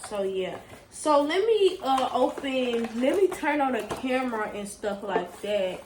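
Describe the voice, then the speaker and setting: Excitable young woman. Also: sits high, a little slow, reverberant, noisy background. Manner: gushing, excitable, talks straight to viewers with "y'all". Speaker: vlogger. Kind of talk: casual unboxing vlog.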